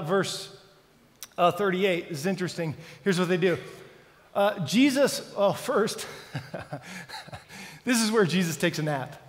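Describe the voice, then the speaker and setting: A man preaching a sermon as pastor, dramatic and full of questions to the congregation. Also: high-pitched. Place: church sanctuary. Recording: church hall reverb.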